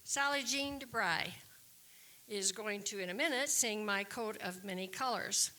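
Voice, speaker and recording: A woman's voice: mid-range voice, a little slow, pushed and bright, a little hiss or hum. Chatty woman introducing a singer. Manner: chatty, searching for words. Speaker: community board member introducing acts. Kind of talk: casual stage introduction. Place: community hall.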